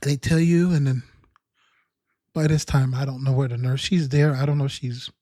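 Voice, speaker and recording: A man's voice: mid-range voice, fairly even intonation, normal speed, warm tone, no echo, studio quality. A man telling a rambling, self-mocking comic story about his own experience. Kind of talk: humorous personal storytelling.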